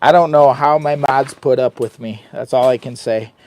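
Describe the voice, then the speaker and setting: Male camping streamer, gravelly, hyper, self-mocking. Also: mid-range voice, moderate pace, a little mellow. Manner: hyper, self-mocking, talks to chat, does voices of his friends. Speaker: livestream host. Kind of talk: casual livestream chat. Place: hot tent while camping in wind and rain.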